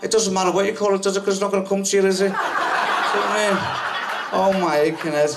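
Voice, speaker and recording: An English man doing a rambling, scatterbrained stand-up routine, his voice slightly high for a man. The live recording has noticeable background noise. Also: little pitch movement, fast talker. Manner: rambling, scatterbrained, asks 'you know what I mean'. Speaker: stand-up comedian.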